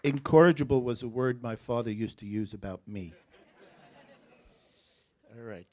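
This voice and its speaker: A man's voice: medium pitch, a little mellow, some chatter behind, a little hiss or hum. New Jersey man pronouncing spelling words. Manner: measured, deliberate, with joking asides. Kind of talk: reading words, definitions and example sentences.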